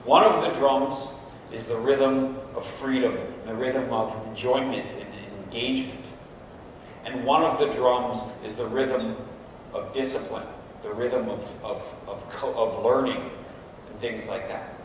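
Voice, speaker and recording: Recorded from far away by a camera in an echoey hall, this middle-aged guest speaker addresses a group of coaches at a meeting. He talks informally and keeps checking in with "right?", his medium-pitched voice steady and a little slow, with slight background noise.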